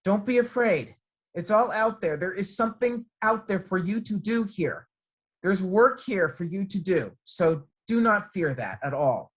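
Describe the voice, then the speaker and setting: A middle-aged woman, a guest speaker addressing students over a video call from her computer, warm and encouraging as she tells stories. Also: medium pitch, animated, measured pace, slightly rough. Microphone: computer microphone on a video call.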